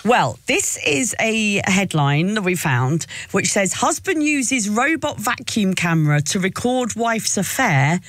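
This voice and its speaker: A woman's voice: mid-range voice, big pitch swings, a little slow, few pauses, a bit bright, no echo, studio quality. A woman co-hosting a radio show, chatting casually and laughing often as she tells a story. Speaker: radio co-host. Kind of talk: casual chat.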